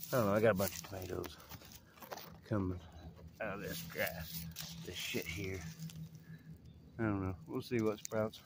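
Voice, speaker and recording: Low-voiced man, rambling and profane. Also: a little mellow. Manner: profane, rambling, talks in short bursts. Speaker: vlogger. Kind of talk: casual update vlog.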